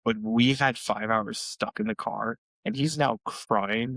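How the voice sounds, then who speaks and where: A man's voice: unhurried, gravelly, fairly bright tone, no room sound, low-quality recording. A young man co-hosting a podcast, telling family stories in casual chat and acting out quoted lines. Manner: storytelling, acts out quotes in high voices. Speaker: podcast co-host.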